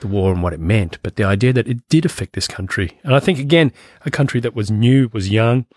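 A man's voice: lowish voice, fast talker, a little mellow, no room sound, studio quality. A man, a film producer, chatting as a podcast guest, musing with lots of fillers and restarts. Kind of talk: casual interview chat.

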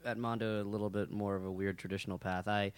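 A man's voice: lowish voice, little pitch movement, fast, clean tone, no room sound. A man from New York, a guest in a studio, talking about his job in a hesitant, unpolished way. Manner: hesitant, lots of fillers and restarts. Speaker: guest, soundtrack department worker. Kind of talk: casual interview talk.

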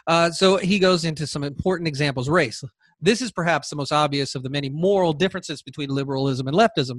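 A male podcast host with a slightly high voice, talking in a loose, rambling monologue. He stumbles over and repeats words and often wanders off topic. The recording is dry and close. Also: no echo.

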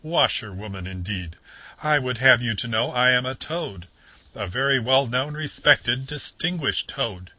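A man voicing a boastful, conceited male toad gentleman from a storybook, excitable and pompous. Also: medium pitch, slow pace, few pauses, slightly rough, dry recording, voice pushed up, full character voice. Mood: indignant. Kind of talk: reading a storybook excerpt aloud.

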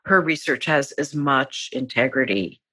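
A woman's voice: rumbling low, unhurried, slightly rough, dry recording. A middle-aged woman, a psychologist and author, talking earnestly as a podcast guest. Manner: warm, earnest, acts out quoted voices. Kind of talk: podcast interview.

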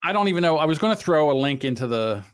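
A man's voice: on the high side, animated, quick pace, clear, resonant tone. A man hosting a podcast in casual chat, rambling and blunt, swearing freely. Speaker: podcast host.

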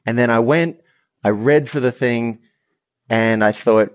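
An Australian man in his fifties, a coach telling stories as a podcast guest in an earnest, animated way with frequent restarts. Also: medium pitch, normal speed, no room sound, clean studio sound. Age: 50s. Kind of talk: storytelling in a podcast interview.

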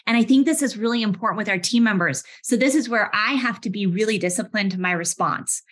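A woman in her thirties, a head of HR, speaking conversationally in a webinar with lively anecdotes and frequent restarts. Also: mid-range voice, quick pace. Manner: animated, restarts often, vivid everyday anecdotes. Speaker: head of HR, session host.

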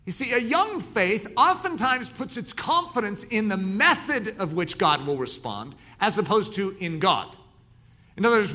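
Bright, lively male preacher. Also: high-pitched, normal speed. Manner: animated storytelling, acts out dialogue. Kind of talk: sermon.

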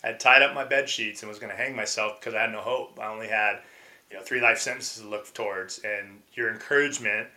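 A man quoting a weary male prison inmate serving life, speaking quietly and subdued. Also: on the low side, fairly even intonation, fairly quick. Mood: hopeless, grateful.

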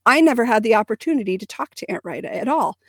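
Woman podcast host, earnest and animated, dry close mic, no room. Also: a little high, fast, dry recording. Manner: earnest, animated storytelling with fillers. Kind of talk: casual conversation.

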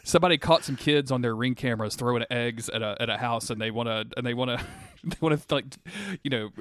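A man's voice: mid-range voice, fast talker, a bit bright, clear, resonant tone, no room sound. A man co-hosting a podcast, recapping a TV episode in casual, rambling chat full of fillers and restarts. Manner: rambling, lots of fillers and restarts, bursts of laughter. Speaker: podcast co-host.

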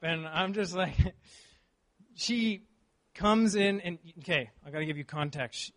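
A man preaching a sermon, reading scripture and then telling a personal story in an earnest, animated way. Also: a little high.

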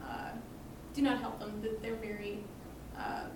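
A woman's voice: medium pitch, flat delivery, unhurried. Distant, echoey woman asking from the floor. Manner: hesitant, searching for words. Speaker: audience member asking a question. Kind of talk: question from the floor. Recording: distant, echoey room with background noise.

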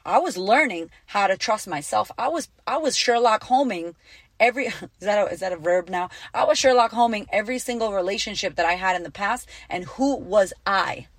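A woman's voice: medium pitch, expressive, fairly quick, dry recording. A woman hosting a podcast as a life coach, talking in a blunt, profane, emphatic way and repeating lines for punch. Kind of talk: casual motivational podcast talk.

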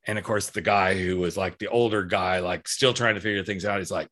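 A man's voice: low-pitched, brisk, few pauses. A middle-aged man hosting a casual talk show, telling stories with lots of acted-out quoted dialogue. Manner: animated storyteller acting out quoted dialogue. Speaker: podcast host and coach. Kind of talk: casual chat.

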